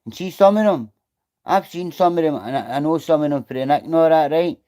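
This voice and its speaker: On a casual livestream, a blunt Scottish man reads chat and talks straight to his viewers, swearing as he goes. His voice is fairly high, smooth and dark-toned, and he speaks fairly quickly.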